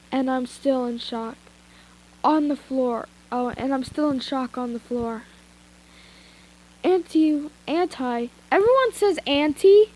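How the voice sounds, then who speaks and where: A woman's voice: high voice, a little hiss or hum, rough recording. A young woman with a stuffy nose casually reading fan fiction aloud, giggling and breaking off into chatty asides. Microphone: headphones with mic.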